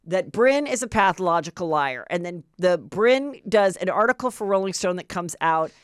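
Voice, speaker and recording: A woman's voice: fairly low pitch, moderate pace, smooth, dry recording, clean studio sound. Chatty woman gossiping about reality TV. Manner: animated gossiping, acting out quotes. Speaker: podcast host. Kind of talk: casual pop culture chat.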